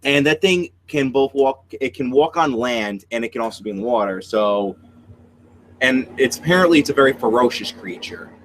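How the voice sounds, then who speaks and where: A man in a casual panel chat, explaining in a halting way with many restarts. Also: medium pitch, animated, fairly bright tone. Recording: light background noise.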